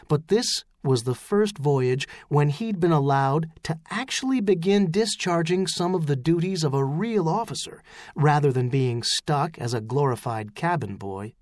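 Male audiobook narrator with lively pitch. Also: no room sound, studio quality. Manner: measured storytelling, rising into shouts for character lines. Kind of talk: scripted narration.

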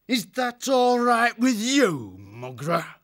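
A man voicing a brutal, swaggering male ferret warlord who talks in a rough, slangy, taunting way. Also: fairly high pitch, very animated, a little slow, a bit bright, voice pushed up.

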